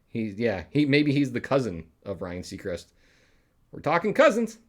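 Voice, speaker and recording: A man's voice: fairly low pitch, big pitch swings, moderate pace. A man hosting a live comedy stream, chatting casually with viewers in a rambling way with muttered asides.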